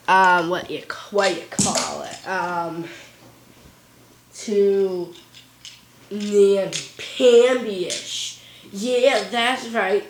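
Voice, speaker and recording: Boastful vain male toy steam engine voiced by a woman, very slow drawn-out speech, mid pitch. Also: reverberant, slight background noise, poor audio.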